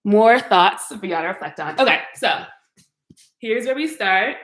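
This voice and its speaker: A young woman chats on a live stream as she walks through her modern apartment, playful and talking straight to her viewers. Her voice sits at an everyday pitch, and the rooms around her have a noticeable echo. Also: lively intonation, unhurried, fairly bright tone. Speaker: YouTuber giving an apartment tour. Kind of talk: casual live-stream chat. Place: modern open-plan apartment, indoors. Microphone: camera mic, walking through rooms.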